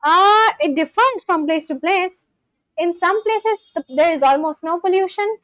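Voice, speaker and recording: A high-pitched woman talks casually on a live stream. She thinks aloud and answers questions with restarts. The sound is dry and close. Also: unhurried, fairly bright tone, no room sound. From India. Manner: thinks aloud, answers chat questions, repeats practice phrases with many restarts. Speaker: livestreamer learning a language.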